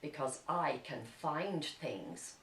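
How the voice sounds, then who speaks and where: A woman's voice: low voice, expressive, takes it slowly, fairly bright tone, reverberant, distant mic, voice pushed down, full character voice. A sly magpie, as an Irish woman tells it.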